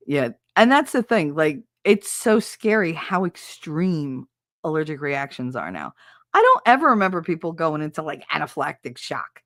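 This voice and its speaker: Woman podcast host yakking away, animated, laughs a lot, dry close sound. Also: sits low, moderate pace, no room sound. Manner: animated, laughing, acts out voices. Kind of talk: casual storytelling.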